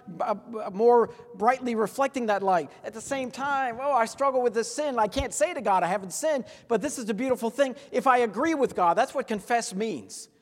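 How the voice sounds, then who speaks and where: A man preaching a sermon as a pastor, earnest and leading the congregation in call-and-response. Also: very high-pitched. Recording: long hall reverb.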